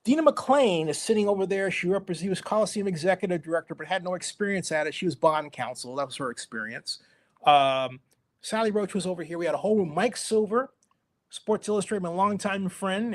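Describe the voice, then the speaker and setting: High-voiced middle-aged storytelling man. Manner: animated storyteller, acting out quoted voices. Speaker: guest. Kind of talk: storytelling interview.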